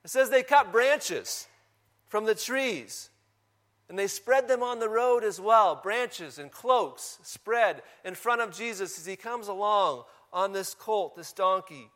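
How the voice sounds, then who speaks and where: A man's voice: high voice, slow pace, a bit bright. A man preaching a sermon in a church, talking casually and asking the congregation questions. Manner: conversational, asks the congregation questions. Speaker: pastor.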